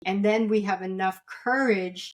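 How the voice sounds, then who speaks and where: A middle-aged woman shares a spiritual story in an interview, earnest and warm. She speaks at a medium pitch, circles back over her words and keeps asking "right?" to keep her listener with her. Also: steady tone, measured pace. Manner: warm, repetitive, checks in with "right?". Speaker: angel reader and spiritual guest.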